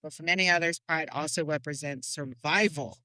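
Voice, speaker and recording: A woman hosting a casual podcast chat, a lively storyteller who laughs often and swears casually at her desk microphone. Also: sits low, normal speed, dry recording. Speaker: podcast host.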